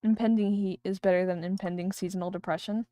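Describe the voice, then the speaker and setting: A woman's voice: mid-range voice, fairly even intonation, quick pace, mellow, clean tone. A woman streamer chatting casually and rambling while she draws on a livestream. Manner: chatty, rambling, thinking aloud.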